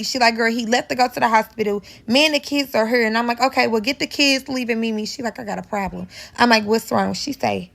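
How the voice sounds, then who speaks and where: Gravelly-voiced St. woman telling a story. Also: fairly high pitch, quick pace. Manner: animated, profane, acts out quoted dialogue. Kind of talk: casual storytime.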